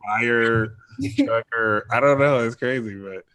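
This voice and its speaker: A man's voice: medium pitch, measured pace, fairly bright tone, clear, resonant tone. A man guest in a casual astrology chat, often hesitating and trailing off with "like" and "I don't know". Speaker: podcast guest.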